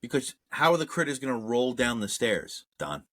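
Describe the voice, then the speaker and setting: A man's voice: mid-range voice, big pitch swings, normal speed, a bit bright. A man co-hosting a casual movie review podcast, joking and riffing with silly bits. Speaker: podcast co-host.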